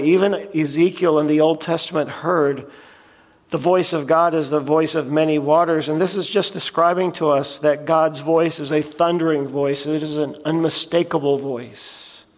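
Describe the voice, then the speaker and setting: A man preaching a sermon, earnestly reading scripture aloud and explaining it plainly. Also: a little high. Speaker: pastor. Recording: long reverb of a large hall.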